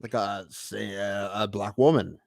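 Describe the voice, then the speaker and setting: A man's voice: lowish voice, steady tone, measured pace, creaky, no room sound, studio quality. A man co-hosting a podcast, chatting casually and asking amused questions. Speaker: podcast co-host. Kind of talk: casual chat.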